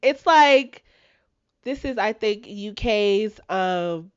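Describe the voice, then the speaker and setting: A woman co-hosting a casual chat that recaps a reality show, animated and chatty, reading out notes she wrote down. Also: medium pitch, drawn-out words, clear, resonant tone, no room sound, lo-fi sound. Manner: animated, chatty, reads out her own notes. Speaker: podcast co-host.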